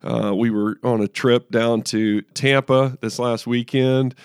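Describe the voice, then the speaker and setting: This thirties-aged podcast co-host talks casually about faith, sharing personal stories with earnestness and frequent restarts. He has a mid-range, darkish, clean voice with a steady tone and a slightly slow pace, recorded dry in a studio.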